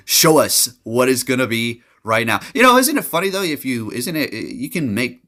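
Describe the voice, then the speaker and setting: A man giving casual, jokey commentary over his gameplay, getting loud and excited and laughing at his own jokes. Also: medium pitch, a little slow. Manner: animated, jokey, excitable, trash-talking. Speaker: gaming commentator.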